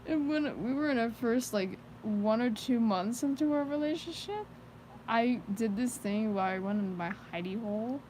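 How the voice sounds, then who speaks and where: A woman's voice: a little high, lively intonation, moderate pace, darkish tone, a little hiss or hum, low-quality recording. Giggly, rambling teenage girl streamer. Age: teens. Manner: rambling, giggly, many fillers. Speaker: live streamer. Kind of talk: casual chat.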